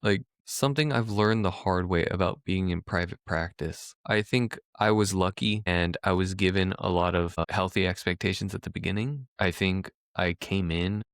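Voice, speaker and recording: Deep-voiced reflective man podcast host. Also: moderate pace, few pauses, dry recording, studio quality. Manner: reflective, hesitant, restarts often. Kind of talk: casual chat.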